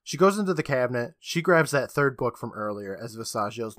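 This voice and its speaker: A man's voice: mid-range voice, animated, fairly quick, hardly any pauses, fairly bright tone, no echo, clean studio sound. A man co-hosting a podcast, recapping an episode in a casual, joking storytelling manner with casual swearing. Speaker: podcast co-host.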